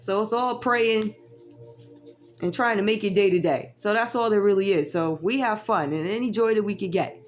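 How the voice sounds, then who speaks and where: A woman, giving a casual tarot reading with sassy, chatty asides to her viewers. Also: mid-range voice. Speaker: tarot reader.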